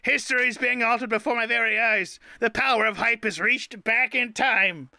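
A man with a very high, strikingly bright voice and a gravelly edge spins a grandiose, playful tall tale as a live-stream host. His delivery is theatrical, and the sound is close and dry. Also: moderate pace, no room sound. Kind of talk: improvised comedic storytelling on a live stream.

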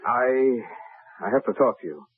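A man's voice: medium pitch, animated, moderate pace, breathy edge, no room sound, narrow, tinny audio. An actor playing an easygoing male friend in an old radio drama, hesitant but reassuring. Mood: uneasy. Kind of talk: 1970s radio drama acting.

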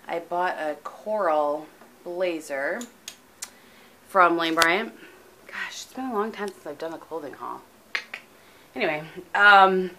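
A woman's voice: on the low side, bright, forceful tone, slight background noise. A middle-aged woman from the United States, chatting casually in a home vlog with lots of ums, tired and sleepy, recorded on a camera mic. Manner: chatty, rambling, frequent ums. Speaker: vlogger.

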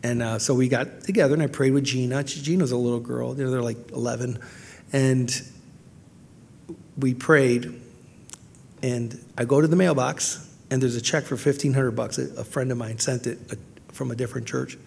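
Gravelly male pastor in reverberant hall. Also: medium pitch, steady tone, normal speed, darkish tone, slight background noise. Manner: earnest, storytelling with many restarts. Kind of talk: sermon. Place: large church hall.

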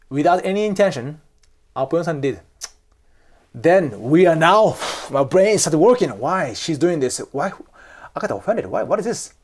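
Japanese man with accent, animated and emphatic, explaining culture to camera, acts scenes out. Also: fairly high pitch. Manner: emphatic, repeats "okay?" and "seriously", acts out examples. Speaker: cultural commentator. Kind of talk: casual explainer talk.

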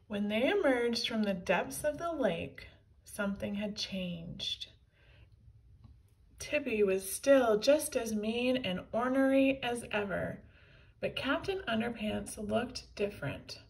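A woman reading a children's book aloud in a clear storytelling manner. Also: fairly high pitch, animated, takes it slowly, distant mic, low-quality recording.

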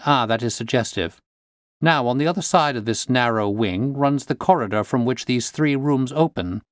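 A crisp, commanding gentleman detective, as a male storyteller puts him on, quick to give orders and sharp of mind. The delivery is raised and energetic, and the recording is dry and close. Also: mid-range voice, no room sound, pitched above the performer's own voice, close to an everyday voice. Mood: brisk.

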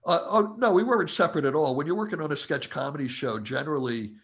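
A man, a comedy writer, telling relaxed anecdotes as a guest in an interview. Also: a little high, fast talker, slightly rough. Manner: relaxed anecdotal storyteller who acts out quotes. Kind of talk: casual storytelling interview.

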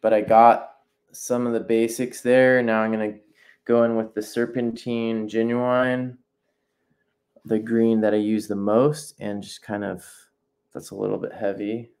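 A man's voice: lowish voice, little pitch movement, a little slow, darkish tone. A man teaching nature journaling in a casual live demonstration, thinking aloud as he paints, breaking off and restarting sentences while encouraging viewers to sketch along.

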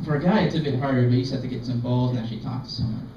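A young man performing open mic stand-up comedy in a self-deprecating, halting, rambling way. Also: mid-range voice, steady tone, distant mic, noisy background. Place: small art gallery open mic. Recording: dull, echoey room recording from afar.

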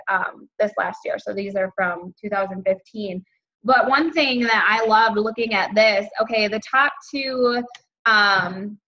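A woman's voice: mid-range voice, fairly bright tone. A woman leading a team sales training over a video call, upbeat and chatty with lots of fillers. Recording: dull lo-fi video call audio.

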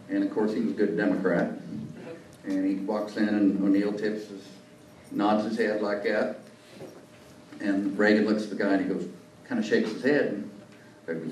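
A man's voice: fairly low pitch, darkish tone. Folksy male speaker in an echoey room. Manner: anecdotal storyteller, folksy asides. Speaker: guest speaker, journalist. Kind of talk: after-lunch talk to a club. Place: meeting room. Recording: echoey room, distant mic, faint noise.

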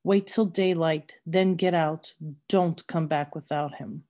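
A woman's voice: low voice, fairly even intonation, slow pace, mellow. A woman reading aloud, voicing a desperate mother driven mad by grief who speaks in a cold, insistent way.

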